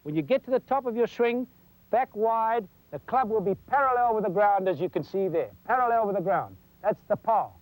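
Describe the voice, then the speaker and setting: A man's voice: high voice, animated, a little fast, no room sound, poor audio. A man giving a folksy golf lesson for television, demonstrating as he talks. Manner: folksy, demonstrating while talking. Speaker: golf instructor. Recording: 1990s television broadcast.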